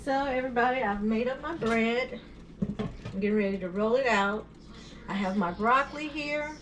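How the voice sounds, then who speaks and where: A woman's voice: fairly high pitch, moderate pace, slight background noise. A woman hosting her home cooking channel, chatty and homey, with many fillers and restarts as she walks through a recipe in her kitchen. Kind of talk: casual home cooking tutorial.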